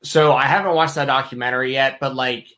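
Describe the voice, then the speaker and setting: A laid-back man co-hosting a podcast in casual chat, mostly answering briefly. His voice is bright. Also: mid-range voice, fairly even intonation, brisk. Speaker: podcast co-host.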